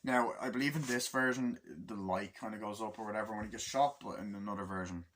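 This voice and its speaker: A man's voice: on the low side, fairly even intonation, quick pace, a bit bright. A young man casually retelling a film's plot in a loose, rambling review, swearing freely and jumping into the characters' lines. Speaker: movie reviewer. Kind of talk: casual spoken film review.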